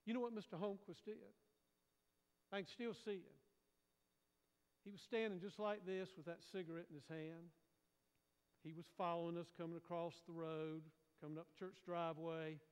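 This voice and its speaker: High-voiced pastor in a hall. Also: male voice, level tone, normal speed, pauses often, clean tone. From North Carolina, US. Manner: folksy, gently humorous, drops to a hush for suspense then swells. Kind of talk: storytelling sermon. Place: church sanctuary. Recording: long reverb of a large hall.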